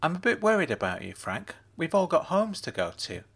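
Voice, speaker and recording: A man voicing a chatty young woman who is blunt but kind, with a brisk, probing, matter-of-fact way of talking. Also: on the high side, wildly swooping pitch, gravelly, a bit bright, breathy edge, voice pushed up, heavily acted.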